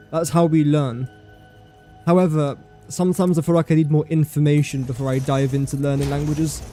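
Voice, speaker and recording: A man's voice: a little high, mellow. Playful man streaming a game. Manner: playful, chatty, talks to game objects and mocks himself. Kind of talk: casual gameplay livestream chat.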